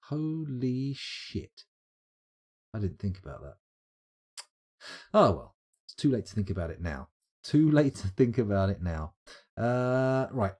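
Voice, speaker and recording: A man's voice: lowish voice, big pitch swings, normal speed, pauses often, a little mellow, breathy edge. A man streaming live, giving chatty, wry gameplay commentary as he thinks aloud. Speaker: streamer playing a game.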